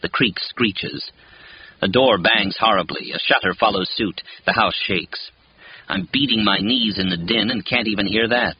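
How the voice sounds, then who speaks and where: Male audiobook narrator, lowish voice, first-person novel, expressive, lo-fi recording. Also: slightly rough. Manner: measured, expressive reading. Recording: dull, lo-fi with faint hiss.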